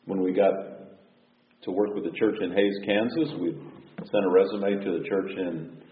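Low male pastor, easygoing conversational sermon, echoey sanctuary, tinny phone-like sound. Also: steady tone, moderate pace, recorded from a distance. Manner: folksy, conversational, clears throat often. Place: church sanctuary. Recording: echoey hall over a thin phone-like line.

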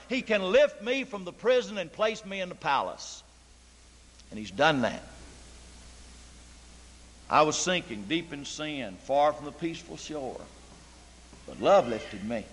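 A man's voice: sits high, pushed and bright. A man preaching a sermon in a church, emphatic and full of rhetorical questions to the congregation. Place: church sanctuary. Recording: long church reverb.

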